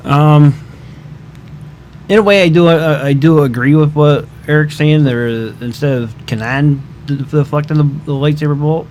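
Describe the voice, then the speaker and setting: A man on a podcast panel in a studio, speaking hesitantly with many pauses and fillers. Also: fairly high pitch, darkish tone, slight background noise. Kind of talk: casual panel chat.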